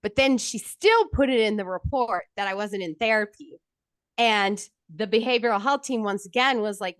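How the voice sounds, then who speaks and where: Her voice is smooth and medium-pitched at a normal speed, recorded without room sound. This thirtysomething woman shares a personal story frankly and with plenty of swearing, becoming lively when she imitates what others said.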